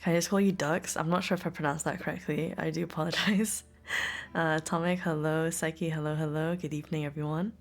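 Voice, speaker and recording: A woman's voice: deep voice, fairly even intonation, a little fast. A young woman, a live streamer, chatting casually and giggling often with her chat from home. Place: home room.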